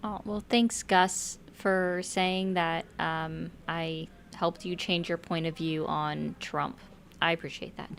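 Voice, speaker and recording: A woman's voice: lowish voice, little pitch movement, slow pace, creaky, a little hiss or hum. A woman hosting a casual group chat on a live stream, chatty and jokey, trailing off with fillers.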